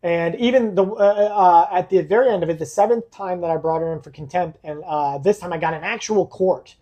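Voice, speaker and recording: A man guest on a podcast, earnestly telling a personal story in a halting way, with fillers and restarts. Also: high-pitched, mellow.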